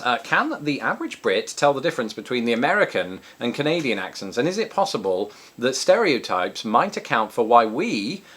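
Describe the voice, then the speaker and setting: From his home in Chicago, an English vlogger fields viewer questions in a relaxed chat, stumbling through plenty of ums and false starts. He's originally from England, with a medium-pitched, slightly bright voice and an English accent.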